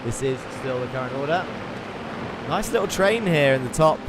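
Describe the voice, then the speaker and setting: A man hosting live sim racing commentary in a chatty, excitable way, reading out viewer chat between the action. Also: mid-range voice, moderate pace, over music. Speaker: race commentator and host. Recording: game car engine noise underneath. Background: racing car engine noise.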